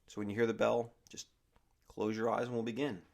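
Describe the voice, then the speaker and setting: Low gravelly man guiding meditation. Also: noisy background. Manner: calm, slow spoken instructions. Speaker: meditation guide. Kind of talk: guided body scan meditation.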